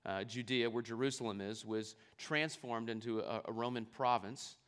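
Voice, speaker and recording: A man preaching at a mid-range pitch, reading scripture and then unpacking it plainly. He explains step by step and poses questions to his listeners before answering them himself. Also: moderate pace, a bit bright, smooth. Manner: explanatory, asks the audience rhetorical questions. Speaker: pastor.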